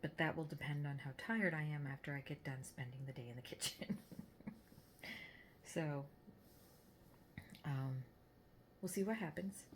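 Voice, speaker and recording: A middle-aged woman chatting casually to her phone in a vlog, rambling with many pauses and fillers. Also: sits low, slight background noise. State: out of breath. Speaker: vlogger.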